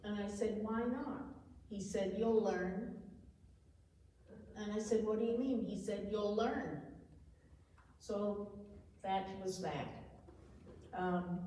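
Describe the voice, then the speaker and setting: A woman's voice: mid-range voice, a little hiss or hum. An older woman telling a personal life story, acting out the dialogue as she goes. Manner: animated, acts out dialogue. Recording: echoey room from far off.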